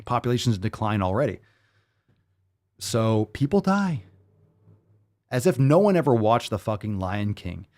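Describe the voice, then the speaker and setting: Brief: male fitness-show host, heated profane rant, mid-pitched voice. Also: big pitch swings, moderate pace, pauses often, a little mellow. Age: adult, 30s or older.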